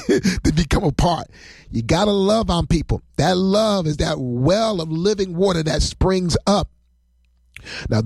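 Excitable pastor preaching on a livestream. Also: male voice, on the high side, no echo. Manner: rambling, emotional, excitable, laughs often.

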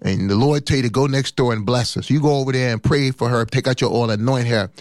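A man's voice: medium pitch, fast, darkish tone, dry recording. A man in his fifties, a pastor, preaching with fiery emphasis and rhythmic repetition. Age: 50s. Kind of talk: sermon.

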